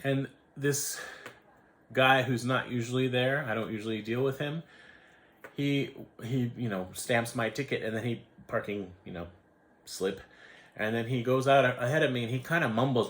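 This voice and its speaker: An American man in his forties talks through a personal story in a loose, rambling way, stopping himself mid-thought and restarting. His pitch swings widely as he slips in and out of quoted voices. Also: animated, brisk, a bit bright. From United States. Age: 40s. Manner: rambling, self-interrupting, acts out quoted voices. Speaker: vlogger. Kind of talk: casual storytelling monologue.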